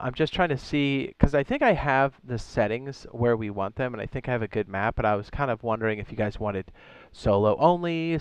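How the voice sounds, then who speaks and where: Smooth-voiced man chatting on a live stream. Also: medium pitch, dry recording. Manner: chatty, reads chat aloud, corrects himself often. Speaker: streamer and server host. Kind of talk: casual live-stream chat.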